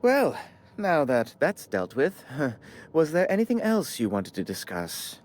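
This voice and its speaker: A prissy corporate bureaucrat. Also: male voice, on the high side, wildly swooping pitch, unhurried, slight background noise. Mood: prim. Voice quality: prim, theatrical, mannered delivery. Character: fussy, condescending corporate male bureaucrat. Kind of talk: video game dialogue. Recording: soft game music behind.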